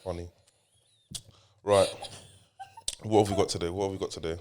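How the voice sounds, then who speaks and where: A man's voice: low-pitched, level tone, moderate pace, a little mellow. A man hosting a casual podcast as a father, teasing and rambling, often repeating his questions.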